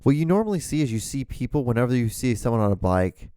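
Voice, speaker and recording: A man's voice: medium pitch, sing-song, quick pace, warm tone, smooth, no room sound, studio quality. Rambling, profane man in his thirties. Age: 30s. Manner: rambling, profane, many fillers and restarts. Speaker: podcast host. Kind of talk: casual solo podcast rambling.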